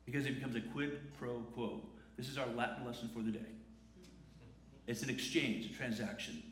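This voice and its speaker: A man's voice: medium pitch, fairly quick, a bit bright. A man preaching a sermon in a conversational way, asking rhetorical questions. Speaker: pastor. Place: church sanctuary. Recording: echoey church room.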